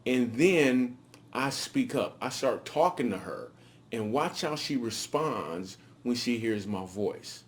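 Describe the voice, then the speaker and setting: A man's voice: medium pitch, expressive, takes it slowly, a little hiss or hum. A man enthusiastically narrating a home video of himself and his newborn daughter. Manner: enthusiastic, walks the listener through the clip. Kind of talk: casual narration.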